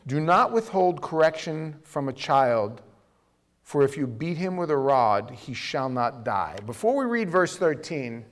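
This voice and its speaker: A middle-aged male pastor preaching in a relaxed, conversational way. His voice sits a little high for a man. He punches key words hard, then drops to near-murmured asides. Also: a little slow. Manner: conversational, emphatic, with sudden drops to quiet asides. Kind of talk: sermon.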